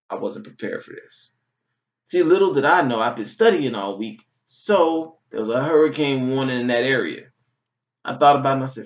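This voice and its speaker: A man's voice: mid-range voice, normal speed. Young man telling a comic story, swearing. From Georgia, US. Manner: animated, swearing, exaggerated storytelling. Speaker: vlogger. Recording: dull, slightly distant recording.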